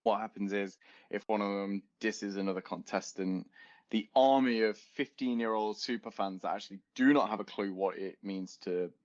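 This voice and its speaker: A young man with a lowish voice chats his way through a podcast, rambling and laughing as he goes. The recording is dull and lo-fi, like a home setup. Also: moderate pace. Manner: rambling, laughs often, chatty. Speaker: podcast co-host. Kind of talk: casual chat.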